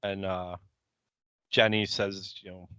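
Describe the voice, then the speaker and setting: A low-pitched man recaps an episode at a very slow, unhurried pace, his voice smooth and bright. The recording is dry but a little muffled and lo-fi. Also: level tone, no room sound. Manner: unhurried, plain scene-by-scene retelling. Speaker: podcast co-host. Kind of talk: casual episode recap chat.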